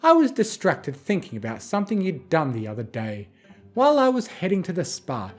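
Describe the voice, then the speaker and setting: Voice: medium pitch, wildly swooping pitch, brisk, faint music behind. A narrator voicing a refined, elegant female pony who speaks in a prim, genteel way. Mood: fond.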